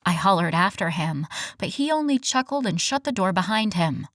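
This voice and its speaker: A woman narrating a first-person romance audiobook in an expressive, scripted reading. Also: mid-range voice, moderate pace, few pauses, no room sound, clean studio sound.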